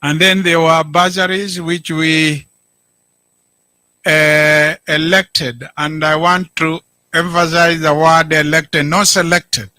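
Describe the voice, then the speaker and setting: Deliberate Kenyan man giving a speech. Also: a little high, flat delivery, bright, forceful tone, no echo. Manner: deliberate orator, stresses key words. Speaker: county governor. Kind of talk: public speech, code-switching.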